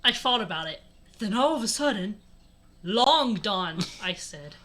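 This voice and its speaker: A woman's voice: medium pitch, expressive, fairly quick, pushed and bright. A young woman reading a fan fiction aloud for comedy, with sarcastic asides. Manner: sarcastic, laughing asides between read lines. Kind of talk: comedic read-aloud with banter.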